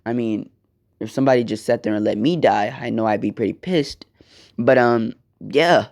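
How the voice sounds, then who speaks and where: A man's voice: medium pitch, moderate pace, vocal fry, a little mellow. A young man casually telling a fan-made story, rambling with slang, profanity and side comments.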